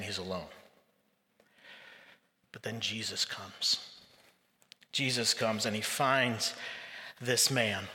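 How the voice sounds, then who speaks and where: A man's voice: medium pitch, bright, forceful tone. A male pastor preaching a sermon with vivid storytelling. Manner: vivid storytelling, acting out quoted voices. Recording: long reverb of a large hall.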